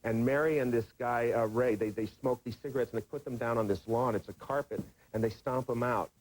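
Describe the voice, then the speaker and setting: A man appears as a guest on a television talk show and tells rambling, warm-hearted anecdotes with many restarts. His voice sits in an ordinary middle pitch. This is an old broadcast recording. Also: steady tone, fairly quick, low-quality recording. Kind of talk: casual chat. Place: television studio.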